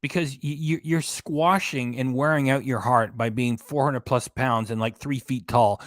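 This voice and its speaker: A man's voice: medium pitch, fairly even intonation, normal speed, few pauses, no room sound. A man hosting a reaction channel, talking over a livestream with mocking, profane, scornful commentary.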